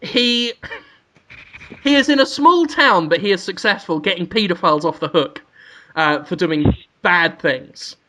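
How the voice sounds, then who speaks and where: A man's voice: sits high, animated, a little slow, pushed and bright. A man telling an absurd made-up story on a podcast, rambling, giggling and slipping into silly put-on voices. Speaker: podcast panelist.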